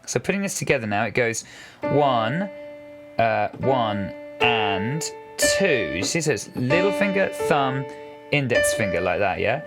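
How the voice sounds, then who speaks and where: Male piano tutor, patient and chatty, counting beats aloud over loud piano. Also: mid-range voice, big pitch swings, measured pace. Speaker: piano teacher. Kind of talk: casual step-by-step piano lesson. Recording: piano music loud under voice. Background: piano playing.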